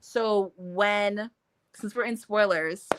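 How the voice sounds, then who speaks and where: A woman co-hosting a casual book discussion, talking in an animated way, swearing freely and acting out scenes in quotes. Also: mid-range voice, slow pace, smooth, no echo. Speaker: book club co-host.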